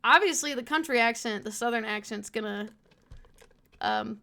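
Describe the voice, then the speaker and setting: A woman's voice: on the high side, animated, moderate pace, sharp tone. Giggly American woman streamer. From United States. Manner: giggly, swears often, talks to herself. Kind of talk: casual gameplay commentary.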